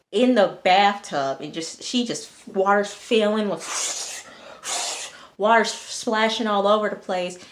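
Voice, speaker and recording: A young woman recapping a TV episode for her viewers in a chatty, animated way, full of fillers and blunt cursing. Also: on the low side. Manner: many fillers, outbursts of cursing. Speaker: TV episode reviewer. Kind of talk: casual episode recap to camera.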